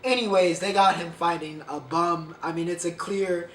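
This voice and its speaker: Male podcast host, loose and rambling, slightly high-pitched, recorded a bit away from the mic with faint hiss. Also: fairly even intonation, moderate pace, fairly bright tone, echoey room, recorded from a distance. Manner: chatty, rambling, stumbles over names. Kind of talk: casual sports commentary.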